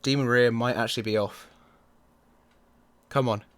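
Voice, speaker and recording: In this let's-play commentary, a man talks over a football management game he's running himself. He's excitable, at a medium pitch, and readily groans or yells at what happens on the pitch.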